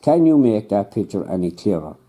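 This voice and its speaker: A man's voice: lowish voice, big pitch swings, brisk, mellow. A man playing a blunt, suspicious, grumbling male angler in a comedy sketch. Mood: skeptical. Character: grumpy, skeptical male angler, blunt Irish everyman. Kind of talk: comedy sketch, improvised two-hander.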